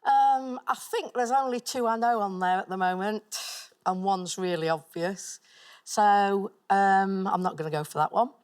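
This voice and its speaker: A woman's voice: mid-range voice, unhurried, clear, resonant tone. A woman, a quiz contestant, speaking hesitantly with ums. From Chesterfield, England.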